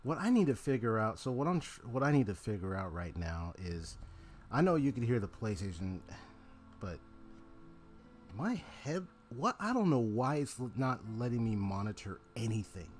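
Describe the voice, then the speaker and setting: A man's voice: mid-range voice, sing-song, normal speed, soft background music. A man chatting casually to his live-stream viewers, rambling with lots of fillers and restarts, on a desk microphone at his home gaming setup.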